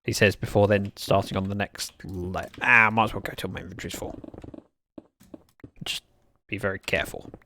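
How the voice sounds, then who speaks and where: A man's voice: low voice, steady tone, moderate pace, pauses often, bright, forceful tone, slight background noise. A young man streaming a block-building game, chatting and joking with his viewers as he plays. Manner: chatty, joking, reads out chat messages. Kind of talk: casual livestream chat while playing.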